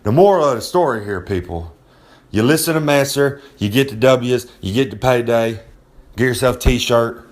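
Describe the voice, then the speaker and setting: A man delivers a casual, rambling monologue of advice, swaggering and streetwise. His voice sits in an ordinary middle pitch, and he keeps circling back to the same catchphrases with easy confidence. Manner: swaggering, loose, repeats "I'm just saying", streetwise slang. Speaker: recurring advice segment presenter. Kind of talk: casual monologue of wrestling tips.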